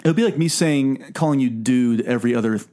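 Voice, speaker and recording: A man's voice: medium pitch, quick pace, dark tone. A man hosting a casual podcast chat, talking in a chatty, jokey way. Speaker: podcast host.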